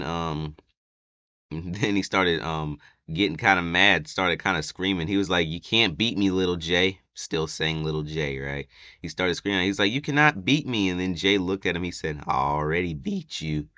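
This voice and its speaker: A man giving a casual, chatty wrestling recap with lots of fillers, sometimes acting out quotes loudly. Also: low-pitched, clean tone, no echo, dull audio.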